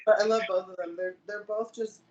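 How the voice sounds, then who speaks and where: A woman's voice: mid-range voice, fairly even intonation, brisk, faint music behind. A young woman co-hosting a casual podcast, enthusiastic and swearing casually. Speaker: podcast co-host. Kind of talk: casual profane chat. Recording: roomy, dull, slight noise.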